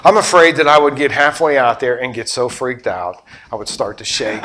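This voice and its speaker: A man preaching a sermon with animated storytelling, swinging between loud bursts and hushed asides. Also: mid-range voice, normal speed, hardly any pauses. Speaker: pastor.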